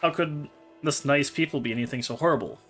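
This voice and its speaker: A man's voice: fairly high pitch, fairly quick, a bit bright, faint music behind. A man reading the lines of a desperate, tearful young mother in a storybook. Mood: pleading. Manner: pleading, tearful.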